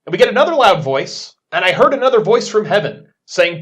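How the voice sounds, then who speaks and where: A man's voice: high voice, sing-song, brisk, fairly bright tone, husky. A man from Las Vegas co-hosting a podcast, summarizing scripture with dry wisecracks. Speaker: podcast co-host. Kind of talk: deadpan comedic scripture commentary.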